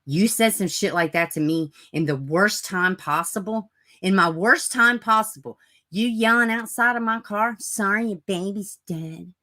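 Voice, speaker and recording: A woman's voice: mid-range voice, moderate pace, pushed and bright. A woman hosting a true crime livestream, ranting bluntly and profanely and mocking people in sarcastic put-on voices. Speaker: true crime channel host. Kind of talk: livestream commentary.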